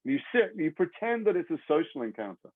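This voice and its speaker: A man from England, an actor guest telling stories in a casual, lively way and slipping into the voices of the people in them. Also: fairly high pitch, quick pace, no room sound. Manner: lively raconteur who acts out the other people in his stories. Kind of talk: casual anecdote storytelling. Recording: dry, phone-like narrow audio.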